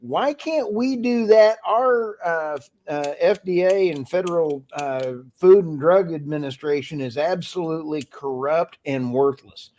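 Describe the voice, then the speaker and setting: A man's voice: fairly high pitch, unhurried, hardly any pauses, dark tone. A man co-hosting a podcast, ranting with passion and then apologizing for getting worked up. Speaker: podcast co-host. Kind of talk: casual chat.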